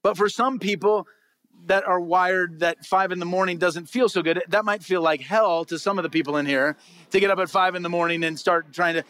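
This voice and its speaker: A man with a notably high voice delivers a sermon from the pulpit. He talks to the congregation in a conversational way, asking them questions and then answering them himself. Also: steady tone, a little fast, a bit bright, clean tone, no room sound. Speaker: pastor. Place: church before a congregation.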